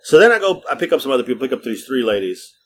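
Profane, lively man telling stories. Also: medium pitch, racing. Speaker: podcast host. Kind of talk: casual storytelling.

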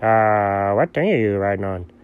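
A man's voice: lowish voice, expressive, clear, resonant tone, phone-quality sound, close to an everyday voice. A man playing a curious, nerdy young male sidekick who keeps asking questions in comedy banter. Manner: inquisitive, quick follow-up questions. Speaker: co-host.

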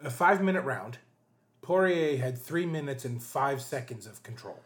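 A man's voice: a little high, very animated, normal speed, fairly bright tone. A man co-hosting a casual podcast, swearing freely and laying out his argument step by step. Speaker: podcast co-host. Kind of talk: casual chat.

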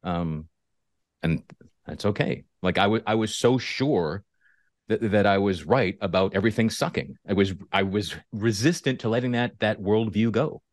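A man hosting an interview, speaking reflectively and haltingly, with frequent restarts. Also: fairly low pitch, no room sound, clean studio sound. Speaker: host. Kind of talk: candid interview conversation.

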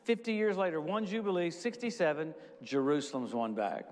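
A middle-aged man preaching a sermon, telling testimonies in a casual storytelling way with quick asides. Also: fairly high pitch, big pitch swings. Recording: long hall reverb.

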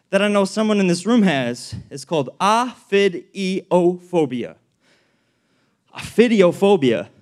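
A young man preaching a casual, funny youth sermon to a live crowd, full of slang and direct questions to the audience. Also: high-pitched. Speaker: pastor. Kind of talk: youth sermon with humorous stories. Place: event hall with live audience.

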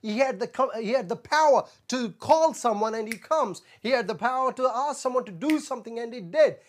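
A man's voice: extremely high pitch, expressive, fairly quick, slight background noise. A man preaching a sermon as a pastor, earnest and repetitive, often saying "Amen" and stumbling on fillers. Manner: stumbles on filler sounds when searching for words.

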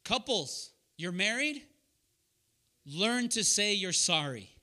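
Slow and sing-song, a preacher's high voice carries a bright, forceful tone as he leads a young adults Bible study. He speaks earnestly and directly, telling personal anecdotes and calling on people by name to answer questions.

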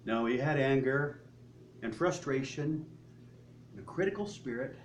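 Lively conversational male preacher. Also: medium pitch, a little slow, a little hiss or hum. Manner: conversational, asks the congregation rhetorical questions. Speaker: pastor. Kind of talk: sermon.

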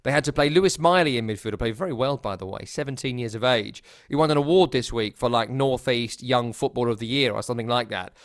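Brief: male podcast co-host, mid pitch, wry storyteller, dry booth sound. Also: fast talker, hardly any pauses, no echo. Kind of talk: casual football chat.

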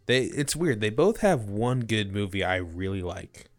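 A man's voice: fairly low pitch, sing-song, no echo, soft background music. A young man co-hosting a podcast, recapping a movie in rambling, jokey casual chat. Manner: rambling, jokey, quick to mock accents. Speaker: podcast co-host.

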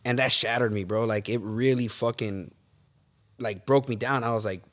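Man, interview guest, casual storytelling, animated, swears a lot, bro and dude, middle pitch. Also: moderate pace. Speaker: podcast guest. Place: real estate office.

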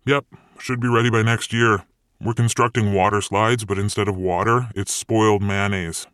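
A man's voice: lowish voice, fairly even intonation, normal speed, fairly bright tone, no echo, clean studio sound, close to an everyday voice. A man reading a grumbling, weary Satan. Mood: sarcastic. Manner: hesitant, grumbling, sarcastic. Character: weary, grumpy male Satan stuck in a rut. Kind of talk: audiobook character reading.

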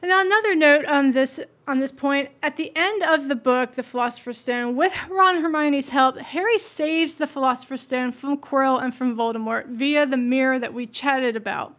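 Woman host with a high voice, earnest, reflective solo podcast. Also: moderate pace, few pauses, a bit bright.

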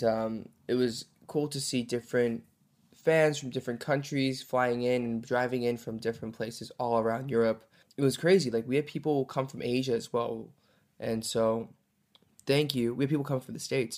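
A young man hosts a podcast in an upbeat, chatty style, using lots of fillers in casual conversation. His medium-pitched voice is a little mellow and moves at normal speed.

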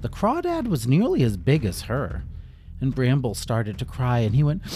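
A man reading a children's story aloud, his pitch rising and falling widely. He tells it playfully, adding splashes and bounces with his own voice. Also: very animated, normal speed, mellow, a little hiss or hum. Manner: playful, with sound effects.

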